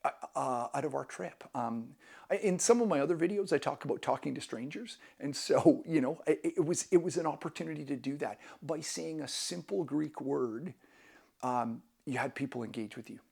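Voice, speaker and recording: Man, slightly high voice, gravelly, casual travel vlog, enthusiastic, rambling restarts. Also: moderate pace, darkish tone. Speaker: travel vlogger. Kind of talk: casual travel tips to camera.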